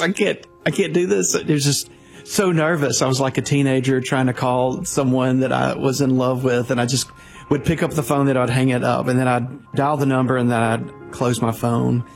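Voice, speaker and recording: Earnest gravelly-voiced man in his 50s. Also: medium pitch, a little mellow. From Louisiana, USA. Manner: earnest, halting with restarts and fillers. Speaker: minister, guest storyteller. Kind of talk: personal storytelling.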